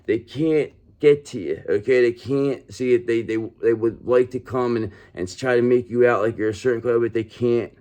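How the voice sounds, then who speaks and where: A man giving a casual, animated tarot reading, bluntly swearing and checking in with "okay?" after nearly every sentence. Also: mid-range voice, brisk, few pauses. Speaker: tarot reader.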